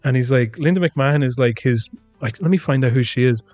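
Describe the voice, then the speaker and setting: An Irish man co-hosts a podcast, chatting casually as he retells events and imitates the people he quotes. His mid-range voice is fairly quick and darkish in tone, with no room sound and faint music in the background.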